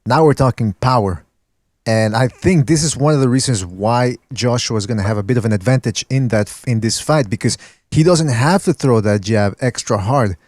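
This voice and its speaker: A man's voice: mid-range voice, moderate pace, darkish tone, no room sound. A man hosting a casual podcast, talking through analysis in a joking, easygoing way. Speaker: podcast host. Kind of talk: casual boxing podcast chat.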